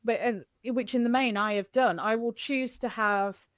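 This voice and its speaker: A middle-aged woman from Kent, a guest in a candid podcast interview, telling stories in an animated, expressive way. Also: fairly high pitch, moderate pace, dry recording, studio quality. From Kent, England.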